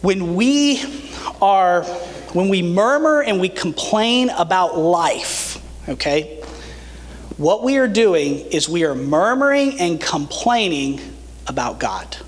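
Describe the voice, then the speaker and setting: A high-voiced man preaches with earnest, animated conviction and a touch of humor. His voice carries a long, lingering reverb from the church hall around him. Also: takes it slowly. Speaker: pastor. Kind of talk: sermon.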